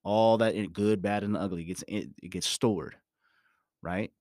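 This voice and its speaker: A man's voice: lowish voice, steady tone, measured pace, darkish tone, no room sound, studio quality. Emphatic man giving a motivational talk. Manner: repetitive, emphatic, preachy. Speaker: motivational speaker.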